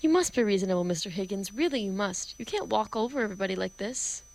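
A woman's voice: mid-range voice, expressive, fast, darkish tone, close to an everyday voice, low-quality recording. A woman reading the part of a stern, proper middle-aged housekeeper, prim and scolding. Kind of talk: amateur play reading.

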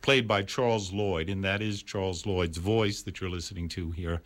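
Deep-voiced New York radio host. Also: male voice, steady tone, normal speed, fairly bright tone. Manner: interjecting, announcer-style info. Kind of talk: live radio interview. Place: radio studio.

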